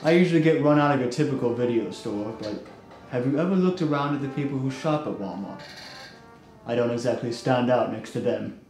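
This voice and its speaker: A man's voice: mid-range voice, brisk, a little mellow, echoey room, soft background music, close to an everyday voice. A man playing a weary, brain-craving undead man who talks in dry, mannered phrases.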